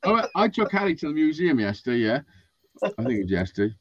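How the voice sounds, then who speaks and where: An animated man with a fairly high voice that jumps around a lot, telling sweary stories. The sound is dull and dry, with no room around it. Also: fast talker, no echo. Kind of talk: casual chat.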